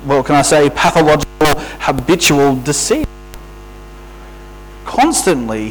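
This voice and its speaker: A man's voice: fairly high pitch, poor audio. A man preaching a sermon in a conversational way, asking the listeners rhetorical questions, over a faint mains hum.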